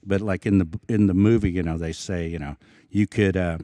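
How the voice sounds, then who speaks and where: An Osage man from Oklahoma, a film actor speaking as an event guest, telling stories in a halting, earnest way with many restarts. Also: low-pitched, steady tone, dark tone, dry recording, clean studio sound. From Osage Nation, Oklahoma. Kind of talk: casual storytelling talk. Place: public evening event.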